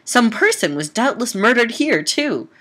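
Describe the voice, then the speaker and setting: A woman's voice: fairly high pitch, sing-song, a little slow, a bit bright, pitched above the performer's own voice, full character voice. Woman reading as a frightened Gothic heroine. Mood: distressed. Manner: breathless, anguished exclamations.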